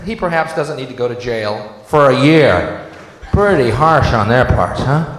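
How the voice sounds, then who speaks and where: Sarcastic standup guy ranting and yelling, high animated voice, echoey big room. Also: normal speed. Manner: sarcastic ranting that bursts into shouting. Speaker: stand-up comedian. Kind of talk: stand-up rant. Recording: echoey hall with faint noise.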